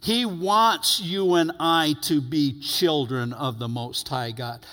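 A man preaching a sermon as pastor, earnest, stretching key words and letting phrases fall to quiet endings. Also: fairly high pitch, slow pace, few pauses. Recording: long hall reverb.

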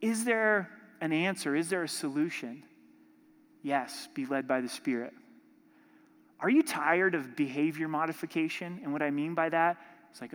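Male pastor, high voice, impassioned sermon delivery, long hall reverb. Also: moderate pace. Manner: impassioned, rising to forceful emphasis.

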